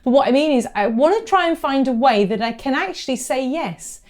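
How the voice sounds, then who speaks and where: Co-hosting a casual business podcast, this photography business coach from southern England speaks fairly fast in a high, darkish voice with lively intonation. She's emphatic, circling back to repeat her main points.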